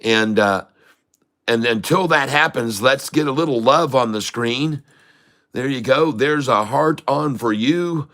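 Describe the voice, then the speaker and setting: Man, middle-aged, upbeat livestream host, bright forceful voice, greets chat. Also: mid-range voice, a little slow. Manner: upbeat, reads out viewer comments, hypes the audience. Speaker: day-trading livestream host. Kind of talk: live-stream chat with viewers.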